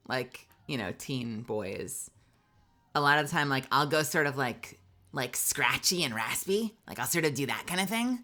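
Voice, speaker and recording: A woman's voice: sits low, sing-song, normal speed, bright, forceful tone. A woman voice actor chatting casually on a live stream, rambling with lots of fillers. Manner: rambling, many fillers, laughs often.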